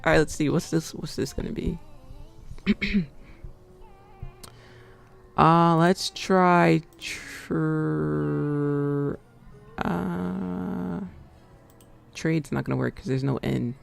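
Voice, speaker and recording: American woman streamer, relaxed playful chat with viewers, a little gravel in the voice. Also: low voice, very slow, long pauses, faint music behind. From United States. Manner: playful, chatty, often laughing, talks straight to the chat. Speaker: live-stream trading host. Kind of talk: casual live-stream chat.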